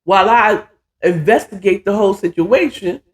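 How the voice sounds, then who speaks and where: A man's voice: high-pitched, moderate pace, voice pushed up, natural voice. A man voicing an angry male government agent who scolds impatiently, in a raised voice. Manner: sharp, rising scolding. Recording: echoey room.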